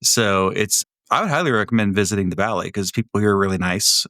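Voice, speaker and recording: A man from Florida chats loosely on a podcast, telling stories with a wry edge and a bit of swearing. His voice sits low. The sound is dry and close, with no room around it. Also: quick pace, pushed and bright, dry recording. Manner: wry, swearing, rambling storyteller. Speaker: podcast co-host. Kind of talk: casual podcast chat.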